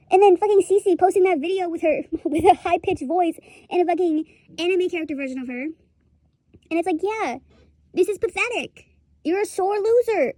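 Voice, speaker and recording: A woman's voice: very high-pitched, warm tone, dry recording. A young woman giving a rambling, profane commentary rant, laughing often as she talks. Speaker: streamer commentator.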